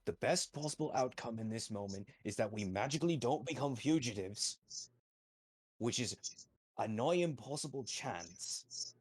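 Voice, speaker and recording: A man playing a tabletop role-playing game, arguing in character in a blunt, profane and forceful way. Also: mid-range voice, lively intonation, moderate pace, slightly rough.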